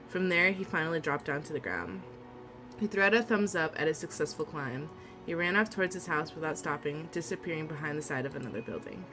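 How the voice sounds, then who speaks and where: A young woman streaming a visual novel, reading its text aloud and gushing with giggly reactions. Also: deep voice. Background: faint game music.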